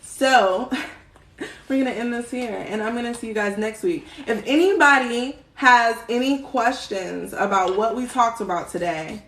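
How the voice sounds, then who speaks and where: The host of a spiritual livestream, a young woman, talks a little slowly in a high-ish, fairly bright voice from an indoor room with roomy echo. Her chat is casual and slangy, full of free swearing and frequent laughs.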